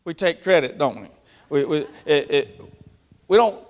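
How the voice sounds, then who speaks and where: A man preaching a sermon to church planters, animated and dramatic, acting out anxious prayers in sudden bursts. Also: on the high side, normal speed. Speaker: pastor. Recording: long reverb of a large hall.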